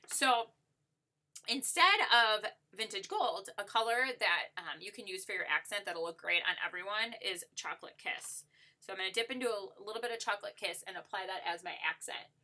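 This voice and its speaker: Bubbly woman doing a casual makeup how-to, gushy, lots of like and so, bright sharp tone. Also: medium pitch, normal speed. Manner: upbeat and gushing, with many "like" and "so" fillers. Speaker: makeup tutorial presenter. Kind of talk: casual makeup tutorial, demonstrating on herself.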